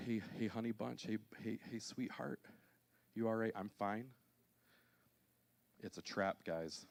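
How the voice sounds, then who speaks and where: A man in his thirties speaks with a fairly low, darkish voice. He's a pastor delivering a sermon to his congregation in a church auditorium, telling funny stories at his own expense.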